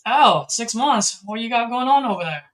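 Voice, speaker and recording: Speaking at a moderate pace with a very high, expressive, slightly bright voice, this Californian man hosts a live call session. He's a real estate investor phoning a seller, keeping the banter relaxed and friendly.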